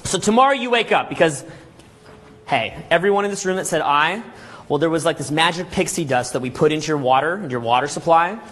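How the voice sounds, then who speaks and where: A man giving a live seminar lecture to a room of people, energetic and full of rhetorical questions and "okay?" checks, acting out scenes as he tells them. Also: fairly high pitch, fairly quick. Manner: acts out scenes with vivid storytelling. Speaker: seminar speaker.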